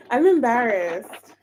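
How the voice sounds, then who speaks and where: A woman's voice: on the high side, a little mellow, slight background noise. A woman hosting a tarot livestream, chatting casually and giggling as she greets viewers by name.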